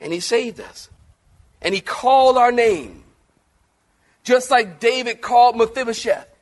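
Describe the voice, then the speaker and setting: Man preaching a sermon, high voice, animated, loud then soft, joking with the congregation. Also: a little slow. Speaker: pastor.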